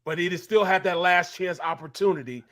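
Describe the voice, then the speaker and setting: A man's voice: sits high, brisk, a bit bright. A middle-aged man, a former football lineman, talking sports in a heated, emphatic way and repeating his points. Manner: fired up, emphatic, repeats himself. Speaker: former NFL lineman, guest analyst.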